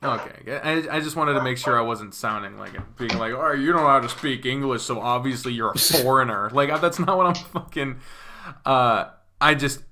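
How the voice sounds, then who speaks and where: A man's voice: mid-range voice, pushed and bright, a little hiss or hum. A man with a Southern American accent chatting loosely on a panel, swearing freely and stopping to check how he comes across. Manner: profane, rambling, self-questioning. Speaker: panel guest. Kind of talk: casual chat.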